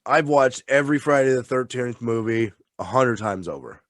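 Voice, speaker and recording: Excitable, swearing guy in tipsy chat. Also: medium pitch, moderate pace, no room sound, studio quality. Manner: excited, profane, rambling. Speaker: podcast co-host. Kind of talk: casual chat.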